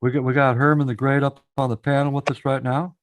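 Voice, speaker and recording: A man's voice: mid-range voice, level tone, fast. A man hosting a casual live stream panel, encouraging guests to come up and talk, often repeating himself. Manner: encouraging, repeats phrases, addresses chat directly.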